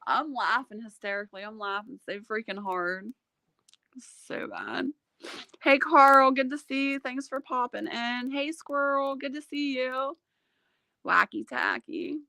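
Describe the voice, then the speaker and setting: Bright-voiced woman chatting and laughing. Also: high-pitched, unhurried, creaky, dry recording. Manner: laughs often while telling stories; animated, chatty storytelling. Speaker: livestream host. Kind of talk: casual livestream chat.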